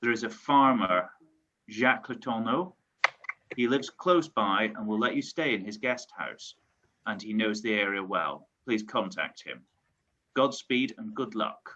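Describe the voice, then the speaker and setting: A man at a tabletop game session, reading a mission letter aloud in a steady, measured way. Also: on the low side, dull audio.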